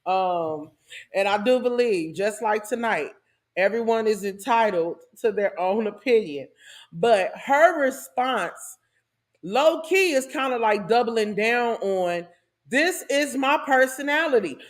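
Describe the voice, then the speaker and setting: A woman hosting her own channel, giving a casual and animated commentary monologue with a preachy tone and laughing asides. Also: a little high, slow pace. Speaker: host.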